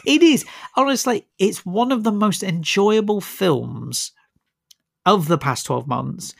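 Film reviewer, rambling and keen, even mid pitch, dry studio. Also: takes it slowly, vocal fry, no echo. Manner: enthusiastic, rambling, with frequent restarts. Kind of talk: casual radio-style film review chat.

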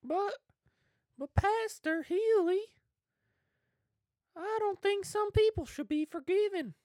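A man voicing a timid twelve-year-old boy who calls a comedy podcast, in a squeaky falsetto with a slow, pleading drawl. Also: a little mellow, no echo, studio quality.

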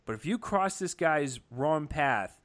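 A man's voice: on the high side, lively intonation, a little slow, a bit bright. A man giving a casual, enthusiastic movie review, talking with lots of fillers and restarts. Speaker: film reviewer.

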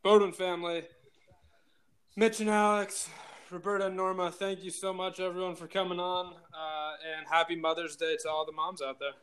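A man hosting, softly thanking the guests as he signs off the show. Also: sits high, flat delivery, moderate pace. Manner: soft, thankful sign-off. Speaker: host. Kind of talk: closing a show.

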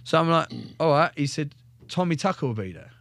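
A man's voice: on the high side, a little fast. A young man, a former soldier, telling his story in a casual podcast chat, blunt and full of swearing. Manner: blunt, heavy swearing, animated retelling.

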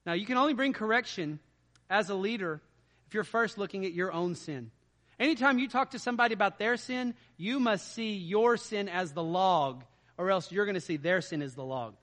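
Male pastor, high and forceful tone, conversational sermon delivery, reverberant church hall. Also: moderate pace. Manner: conversational, swings between quiet asides and loud emphatic stretches.

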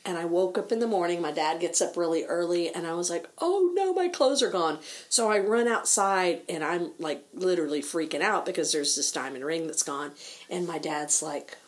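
A woman telling a personal story in casual conversation, with a quick, lively delivery. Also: fairly low pitch. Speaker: guest sharing a story.

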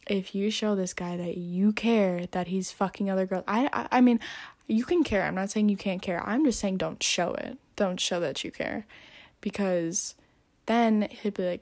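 A woman's voice: mid-range voice, moderate pace, darkish tone. Teen girl ranting dating advice, blunt and swearing a lot, super emphatic. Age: teens. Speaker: vlogger. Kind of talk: casual advice rant.

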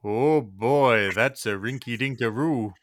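A man's voice: mid-range voice, slow pace, no room sound, studio quality, natural voice. A man improvising an easygoing lumberjack in a mock Canadian accent, ending lines with "eh". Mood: folksy. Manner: drawling, tags lines with "eh". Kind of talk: improv comedy scene.

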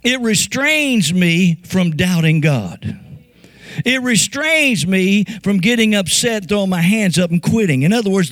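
A man's voice: high voice, fairly bright tone, dry recording. A man preaching a sermon, with call-and-response questions and repeated, building phrases. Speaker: pastor.

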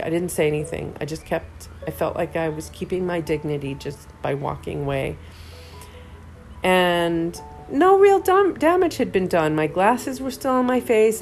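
With a medium-pitched, slightly mellow voice, this middle-aged podcast host recounts something personal. Her monologue is candid and thoughtful, and she often begins sentences over.

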